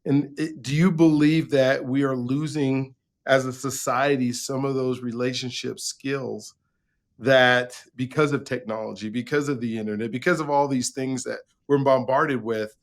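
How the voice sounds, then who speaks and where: A man's voice: mid-range voice, fairly even intonation, moderate pace. A man hosting an interview, asking long, enthusiastic questions full of fillers and restarts. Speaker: podcast host. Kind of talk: conversational interview.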